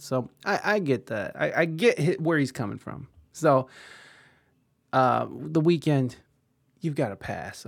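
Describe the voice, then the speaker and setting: Creaky-voiced man in profane casual commentary. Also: mid-range voice. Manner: rambling, profane, offhand. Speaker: commentator reacting to videos.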